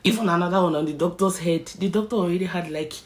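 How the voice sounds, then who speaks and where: A young Nigerian woman with a Nigerian accent, telling a personal story in an animated storytime vlog and slipping into Pidgin. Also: on the low side, fast. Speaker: vlogger.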